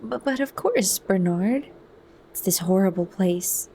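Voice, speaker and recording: A woman's voice: mid-range voice, animated, a little slow, mellow, slight background noise, low-quality recording. A woman voicing an anxious, pleasure-loving young woman who pleads in distress, as whispered role-play.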